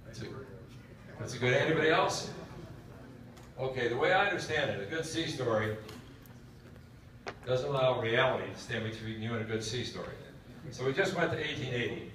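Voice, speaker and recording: A man tells a long, folksy joke and throws questions at his audience. His voice sits at a middle pitch and comes from a distance in a very echoey hall, with faint room noise behind it. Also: expressive, fairly quick, long pauses, a bit bright. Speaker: speaker at a military education session. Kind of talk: storytelling lecture.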